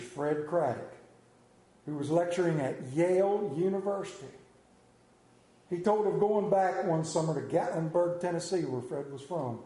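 A middle-aged man preaching a sermon, telling folksy stories and acting out family scenes in squeaky children's voices. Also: dark tone, reverberant, poor audio. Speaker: pastor.

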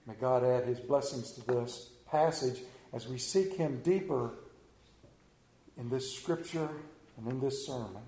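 A man's voice: mid-range voice, a little slow, warm tone. A man preaching a sermon and leading a prayer, earnest, with self-deprecating asides. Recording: roomy echo.

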